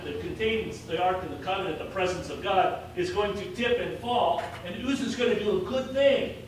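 A man's voice: sits high, a little hiss or hum. Man teaching scripture in a chatty way. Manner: conversational, asks the listeners questions, frequent restarts. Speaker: Bible teacher. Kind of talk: casual Bible teaching.

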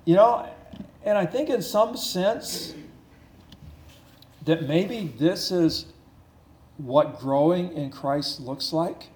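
A man preaching a sermon as pastor, earnest and repetitive, slowing words down for emphasis. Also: fairly high pitch, darkish tone, echoey room, rough recording.

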